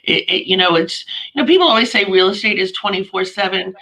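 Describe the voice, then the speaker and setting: Bright-voiced woman, lively co-host. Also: medium pitch, fast, low-quality recording. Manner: animated storyteller who acts out her own quotes. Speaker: co-host, real estate agent. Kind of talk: casual business chat.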